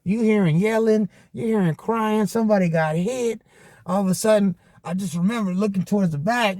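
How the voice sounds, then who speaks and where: A man with a high voice telling a story on his podcast. His casual monologue is full of profane, animated street slang, and the sound is dry and close with no room echo. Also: brisk. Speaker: podcast host.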